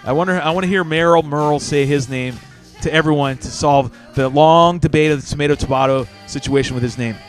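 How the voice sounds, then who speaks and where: A man's voice: a little high, brisk, soft background music. Joking, cursing male call-in show host. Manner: joking, swearing, teasing callers. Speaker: podcast host. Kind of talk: casual live call-in show.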